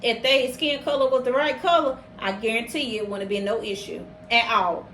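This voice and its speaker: A woman with a high voice hosts a casual podcast, speaking emphatically and circling back on her phrases to drive each point home. She sounds worked up and passionate. The recording is roomy, with a faint hum of noise behind her. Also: brisk, a bit bright. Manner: emphatic, repeats phrases for stress, gets heated. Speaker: podcast host.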